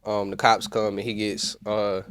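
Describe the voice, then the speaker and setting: A man's voice: on the low side, flat delivery, unhurried, a bit bright, clear, resonant tone, dry recording, studio quality. A man with a Southern US accent hosting a podcast, recapping in a loose, rambling way and correcting himself as he goes. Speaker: podcast host. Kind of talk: casual commentary.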